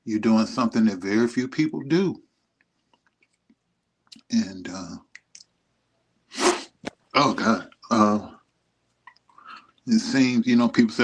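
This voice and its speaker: Middle-aged man, husky and low-pitched, tender and emotional, a bit rambling. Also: slow, long pauses. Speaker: vlogger. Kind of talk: heartfelt message to his son. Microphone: streaming setup.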